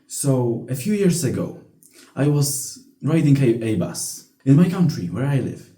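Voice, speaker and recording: Young man ranting, very dark tone. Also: mid-range voice, sing-song, a little slow. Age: young adult. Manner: blunt, profane, frequent restarts. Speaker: vlogger. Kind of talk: casual storytelling rant. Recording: echoey room.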